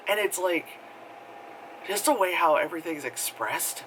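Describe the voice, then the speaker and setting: A man's voice: a little high, moderate pace, background noise. A man casually reviewing a film, rambling with lots of fillers and laughing as he goes. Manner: rambling, filler-heavy, laughs often, mimics characters. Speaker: movie reviewer.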